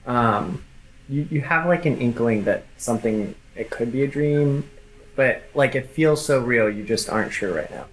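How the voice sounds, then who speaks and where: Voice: medium pitch, animated, normal speed, slight background noise, poor audio. A game master narrating a tabletop game, with a hesitant delivery full of fillers and restarts.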